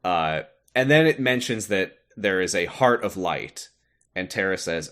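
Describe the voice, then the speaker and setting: Animated low-voiced man recapping a game. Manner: animated, laughs often, quick asides. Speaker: podcast co-host. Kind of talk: casual chat recapping a game.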